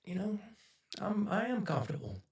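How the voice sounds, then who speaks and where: A man's voice: high-pitched, big pitch swings, moderate pace. Choked-up man in his forties telling a story. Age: 40s. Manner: choked up and emotional, rambling with many fillers. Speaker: speaker on a livestream. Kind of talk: emotional storytelling to an audience. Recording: echoey room, voice from a distance.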